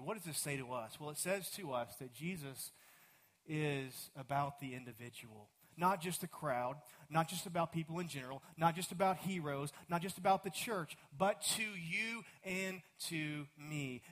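Texan pastor preaching with dramatic swings. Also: male voice, a little high, animated. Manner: dramatic swings from loud to hushed, slow drawn-out emphasis. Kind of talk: sermon.

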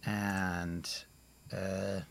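A man narrating a tabletop game as game master, rambling and halting as he searches for words. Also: low-pitched, flat delivery, creaky. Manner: rambling, halting, many fillers and restarts.

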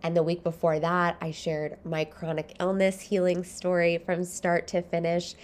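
A woman's voice: fairly low pitch, flat delivery, normal speed. A woman hosting her own podcast, talking from home in a chatty, rambling way and laughing often. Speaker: podcast host. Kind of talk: casual solo podcast monologue. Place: home, early morning.

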